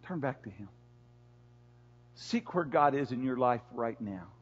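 A man's voice: mid-range voice, animated, measured pace, breathy edge. A man preaching a sermon as pastor in a church, pleading with his listeners in an impassioned, repetitive way. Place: church sanctuary. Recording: echoey church hall, dull lo-fi sound.

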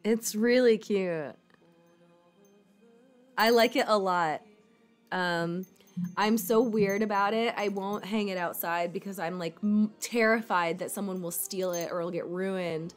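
A woman's voice: medium pitch, measured pace, soft background music. Rambling, casual woman chatting with viewers. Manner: rambling, fillers like "like", casual swearing. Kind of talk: casual chat.

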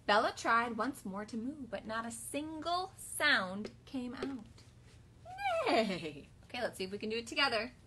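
A woman in her thirties, a kindergarten teacher and mother, reading a picture book aloud to her class while firmly keeping her children quiet. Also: a little high, measured pace, breathy edge. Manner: animated read-aloud, firm with her children.

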